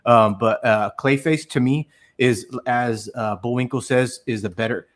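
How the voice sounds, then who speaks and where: A man's voice: medium pitch, steady tone, a little slow. A man chatting as a panelist on a casual live stream, rambling and swearing, with plenty of fillers. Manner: rambling, profane, many fillers.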